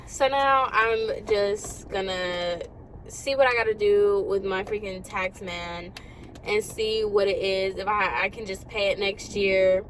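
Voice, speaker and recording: A young woman vlogger in a parked car, ranting to her viewers in a casual, exasperated way. She talks rapidly and with lots of animation. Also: mid-range voice, fairly bright tone, a little hiss or hum, poor audio. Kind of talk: casual rant to camera.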